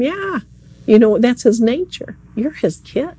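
Earnest, mellow-voiced preacher at an evening service. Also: medium pitch, sing-song, a little slow, slightly rough. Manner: earnest, conversational, addresses listeners directly. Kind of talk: sermon.

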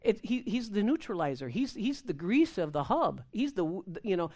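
A woman preaching a sermon in an animated, amped-up way, acting out prayers and laughing with the congregation. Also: mid-range voice, normal speed.

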